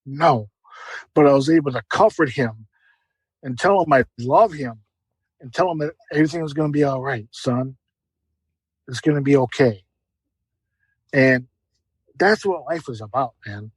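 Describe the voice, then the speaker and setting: A man's voice: medium pitch, normal speed, long pauses, slightly rough, no room sound, rough recording. A middle-aged man giving an emotional, earnest personal testimony as a podcast guest, often repeating words.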